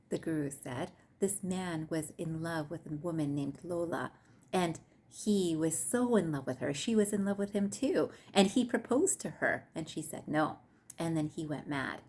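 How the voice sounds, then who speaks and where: A woman hosting her own wellness channel, telling a parable to her viewers in a gentle, measured way. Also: on the low side, slight background noise. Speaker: host of a mindfulness and grief channel. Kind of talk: storytelling talk to camera.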